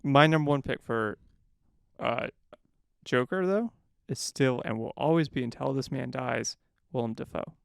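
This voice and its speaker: Gravelly-voiced podcast host, chatty. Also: medium pitch, unhurried, no echo, studio quality. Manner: chatty, leads the segment, firm opinions. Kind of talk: casual movie review chat.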